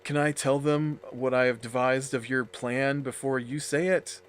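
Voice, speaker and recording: A man's voice: mid-range voice, steady tone, measured pace, smooth, lightly acted. A man putting on a fawning male underling. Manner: gushing, eager to please. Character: fawning male underling praising his master.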